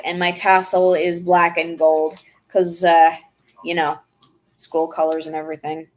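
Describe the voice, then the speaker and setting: A woman's voice: on the low side, level tone, a little slow, low-quality recording. A young woman vlogger chatting casually and rambling while she draws. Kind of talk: casual chat while drawing.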